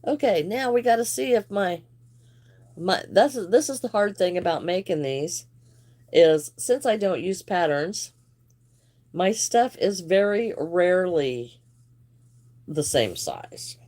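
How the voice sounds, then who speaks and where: A woman's voice: fairly low pitch, lively intonation, slow, long pauses, darkish tone. A woman hosting a live crochet stream, chatting casually and greeting viewers by name while she works, laughing now and then. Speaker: crochet livestream host.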